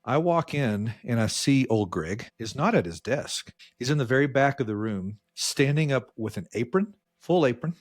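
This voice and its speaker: A man co-hosting a podcast, telling a work story in casual chat and jumping his voice up high when he quotes people. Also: lively intonation, normal speed, few pauses. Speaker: podcast co-host.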